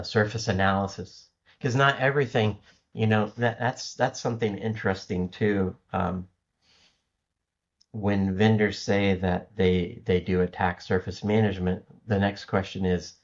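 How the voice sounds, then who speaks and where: A man speaking as a guest in a casual interview, rambling with many restarts and fillers. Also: low voice. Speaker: guest cybersecurity architect. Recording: lo-fi remote audio.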